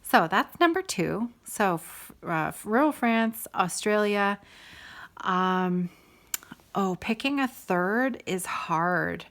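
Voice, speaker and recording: A middle-aged woman hosts a casual stitching video show, chatting warmly and enthusiastically to viewers in a rambling way full of sidebars. Her mid-range voice is expressive and slow.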